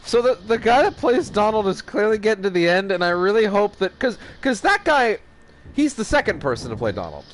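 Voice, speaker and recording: A man's voice: sits high, sing-song, brisk, slight background noise. A man co-hosting a podcast who rambles, restarts his sentences, swears and laughs often. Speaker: podcast co-host. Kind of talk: casual chat.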